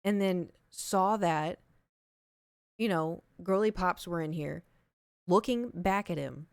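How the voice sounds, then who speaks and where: Speaking slowly in a lowish, smooth voice with vocal fry, a young woman streams a casual story to her chat over a dry, studio-quality recording. Her delivery is chatty, full of "like" and reenacted dialogue, and occasionally sinks to a hush. She wears a headset at first, then takes it off.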